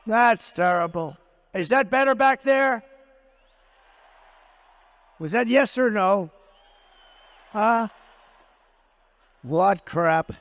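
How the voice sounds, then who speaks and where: A man's voice: extremely high pitch, expressive, slow pace, long pauses, fairly bright tone. A man giving a rambling, combative rally speech into a stage microphone at a large venue. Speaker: political rally speaker. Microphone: handheld stage microphone. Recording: long reverb of a large hall.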